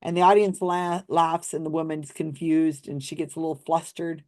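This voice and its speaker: A woman with a slightly low voice recounts events in a relaxed, chatty way, clearly skeptical of what she saw. She keeps slipping into little acted-out quotes, giving her storytelling a lively, wry bounce. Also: moderate pace. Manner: animated retelling, acts out quoted lines. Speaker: skeptical commentator on psychics. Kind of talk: casual storytelling commentary.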